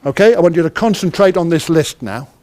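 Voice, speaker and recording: A man's voice: fairly high pitch, expressive, a little fast, darkish tone. A man, a project manager, giving an interactive workshop talk who quizzes the audience and acts out little dialogues. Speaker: conference speaker, project manager.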